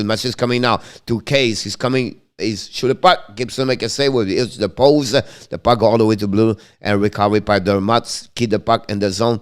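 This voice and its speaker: A man with a French accent calls a hockey game play by play for a live stream, tracking each pass in quick, broken English. His voice sits low. It stays smooth and clear. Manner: rapid running commentary in broken English, names each pass. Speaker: play-by-play commentator and stream host.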